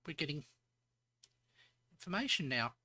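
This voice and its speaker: A woman's voice: low voice, sing-song, a little slow, sharp tone, no room sound. An Australian woman streaming as a VTuber, thinking aloud as she codes and chatting with viewers in between. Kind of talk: live coding stream chat.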